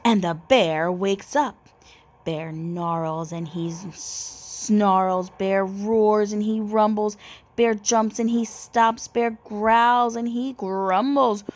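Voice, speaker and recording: A woman reading a children's picture book aloud with expressive storytelling. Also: mid-range voice, slow.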